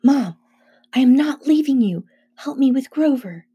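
A woman's voice: high voice, animated, normal speed, warm tone, breathy edge, voice pushed up, heavily acted. A woman reading an audiobook aloud, voicing a desperate, stubborn young boy with a raised, urgent voice. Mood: insistent.

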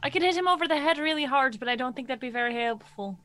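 A woman's voice: high voice, expressive, quick pace, fairly bright tone. A woman voicing a folksy, bawdy married man who stammers and restarts often.

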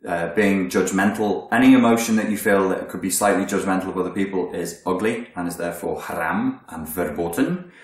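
A man coaching listeners on their emotions in a blunt, profane, emphatic self-help monologue. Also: sits low. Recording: very echoey room.

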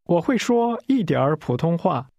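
A man modeling pronunciation for a language lesson, saying short phrases deliberately and clearly. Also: a little high, big pitch swings, mellow, no echo, dull audio. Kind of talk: slow, careful model pronunciation.

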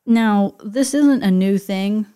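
A woman's voice: mid-range voice, slow, dark tone, clean tone. A woman co-hosting a podcast, explaining things in casual chat and affirming often. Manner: explanatory, chatty, many affirming yeses. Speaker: podcast co-host.

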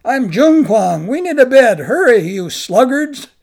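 A man voicing a bold, mischievous older Zen monk who teases and shouts commands. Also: sits high, lively intonation, slow pace, gravelly, slightly rough, full character voice. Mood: shouting. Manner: loud, teasing, commanding shouts.

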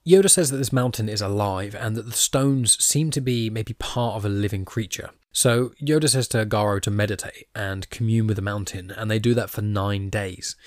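A man's voice: lowish voice, normal speed, few pauses, a little mellow, no echo, clean studio sound. A man hosting a podcast, chatting casually through a comic story and reading quoted lines aloud in his own voice with a self-deprecating manner. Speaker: podcast host.

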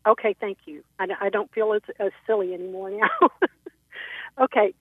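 A woman from Texas calling in to a radio talk show, polite and a little hesitant with frequent ums. Her voice comes through a tinny phone line at a middle pitch, sounding dry. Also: moderate pace, no echo. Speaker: caller. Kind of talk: call-in radio conversation.

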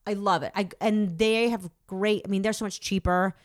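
A woman's voice: medium pitch, fairly even intonation, moderate pace, no echo. Chatty woman, dry close sound. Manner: chatty, self-deprecating, many "like" fillers. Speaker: actor and podcast guest. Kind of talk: casual chat.

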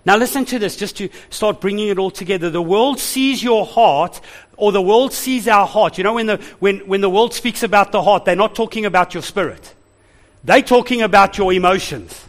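A man preaching a sermon as pastor, animated, laughing and calling out to the congregation. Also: high voice, moderate pace.

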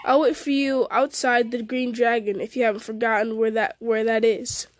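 A woman's voice: on the high side, little pitch movement, moderate pace, dry recording, natural voice. A woman voicing an eager, loyal male hobbit in a story she reads aloud. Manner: eager, urgent.

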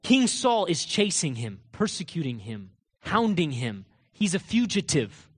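A man preaching a sermon, jumping from loud emphatic declarations to quiet low asides and acting out quoted lines with rising fervor. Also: big pitch swings, a little slow, husky. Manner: acts out quoted voices and scripture with rising intensity. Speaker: pastor.

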